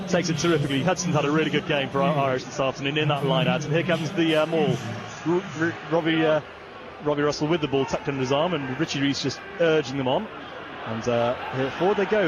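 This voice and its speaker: A man giving play-by-play rugby commentary, calm in lulls and rising to excited shouting when the play breaks open. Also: a little high, quick pace. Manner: rises to excited shouting on big plays. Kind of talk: sports commentary. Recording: broadcast with stadium noise behind.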